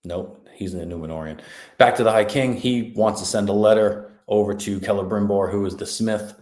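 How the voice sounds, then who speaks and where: Low-voiced guy rambling through a show recap, roomy echo. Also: fairly even intonation, a little fast, a little mellow. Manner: rambling, forgetful, laid-back. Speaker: podcast host. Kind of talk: casual episode recap. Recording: echoey room.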